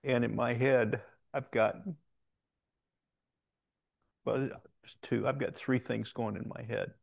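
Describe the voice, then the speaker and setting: A man's voice: medium pitch, fairly even intonation, slow pace, vocal fry, dry recording. A man telling a personal story in a conversational, rambling way, with restarts and quoted dialogue. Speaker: Christian speaker telling a story.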